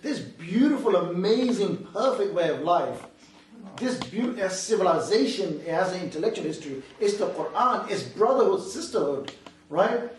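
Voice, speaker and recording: A man's voice: high-pitched, lively intonation, normal speed, slight background noise. Man speaking in a far, echoey hall. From England. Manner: chatty and storytelling, asides to the audience. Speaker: Islamic youth speaker. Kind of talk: motivational talk to a youth audience.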